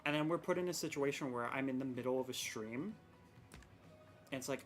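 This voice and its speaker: A woman's voice: extremely low pitch, a little fast, faint music behind. A young woman streaming a game, chatting casually and rambling with self-mocking exasperation about her technical troubles. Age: young adult. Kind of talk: casual live-stream chat.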